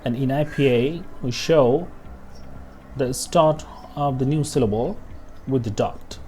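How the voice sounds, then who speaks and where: A man's voice: mid-range voice, measured pace, dark tone, slight background noise. A man teaching pronunciation over a lesson walkthrough, repeating example words and often checking in with "okay?". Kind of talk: screen-share lesson walkthrough.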